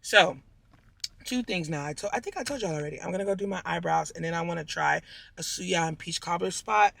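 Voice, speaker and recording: A woman's voice: fairly low pitch, a little fast, vocal fry, a bit bright, a little hiss or hum. A woman vlogging in a casual, chatty way, rambling and repeating herself as she talks to her viewers. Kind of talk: casual vlog chat.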